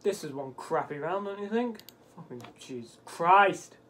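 A man commentating a golf video game, swearing often and yelping at bad bounces, his voice cracking into high squeaks. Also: animated, measured pace, a bit bright. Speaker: gaming channel host. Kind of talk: let's play commentary.

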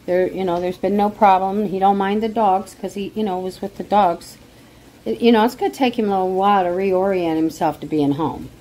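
A woman's voice: medium pitch, fairly quick, dark tone, low-quality recording. A middle-aged woman vlogging at home on her phone, chatting casually, rambling, emotional and indignant. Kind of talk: casual chat to camera.

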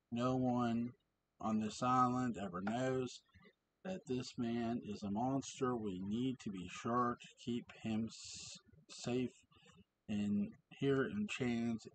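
A man reading the part of a stern, commanding older woman in his own story at home, in a measured, flat way. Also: medium pitch, a little hiss or hum, natural voice, rough recording. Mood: firm. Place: home with cats around.

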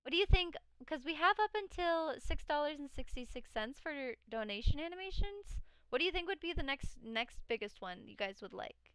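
Reading chat aloud and laughing a lot, a woman streamer talks casually with her viewers. Her voice sits high and animated, a bit bright, at a moderate pace, and it sometimes cracks because she sounds tired. The recording is dry.

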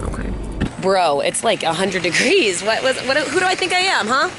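A woman's voice: mid-range voice, animated, normal speed. A young woman vlogging from her car in a chatty, self-mocking way. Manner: self-mocking, chatty, baby talk to pets. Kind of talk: casual vlog chat. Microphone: handheld camera. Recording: car noise behind.

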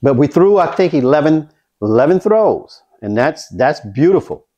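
Excited man narrating his dice throws. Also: fairly high pitch, moderate pace, highs cut off. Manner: excited, talks folks through each throw. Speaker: dice-control craps vlogger. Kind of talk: casual play-by-play while throwing dice.

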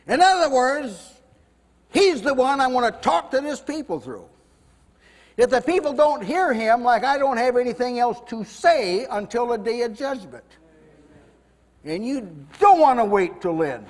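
A fervent male preacher with a very high voice, delivering a sermon in a room with a long, ringing reverb. His voice climbs and gets loud when he acts out quoted speakers. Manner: fervent, rises loud when voicing God and Moses. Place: house church meeting room.

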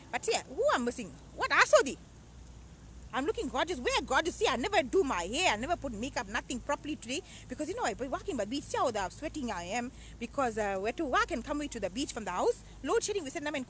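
Comic matriarch host, aunty voiced by a woman; high, animated, rapid, always scolding. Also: slight background noise. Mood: bossy, teasing. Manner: chatty, teasing, scolding. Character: loud bossy middle-aged aunty matriarch. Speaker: show host. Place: outdoors at a beach.

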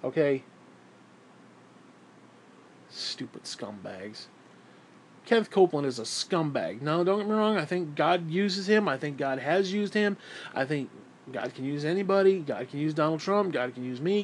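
A foul-mouthed man vents in a heated, sarcastic vlog rant about faith and politics. His voice sits a little high for a man, and he swings between shouting and muttering. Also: animated, fairly quick, a little hiss or hum. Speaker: vlogger. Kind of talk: angry religious rant.

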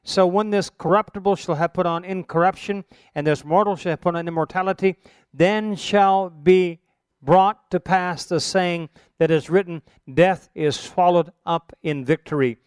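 A man's voice: sits high, steady tone, normal speed, clear, resonant tone, no echo, clean studio sound. A man teaching a sermon, reciting Bible verses emphatically with rising, stressed phrases. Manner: emphatic, rises for scripture quotes.

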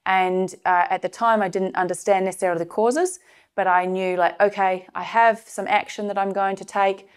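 A woman's voice: mid-range voice, steady tone, moderate pace, smooth. A middle-aged woman giving a personal, confessional teaching talk, with many fillers and restarts. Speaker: course presenter sharing a personal case study.

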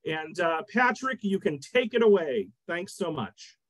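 Upbeat high-voiced man hosting online. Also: sing-song, measured pace, fairly bright tone, no room sound, rough recording. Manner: upbeat, reading from notes. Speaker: library program host. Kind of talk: event introduction. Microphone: video call.

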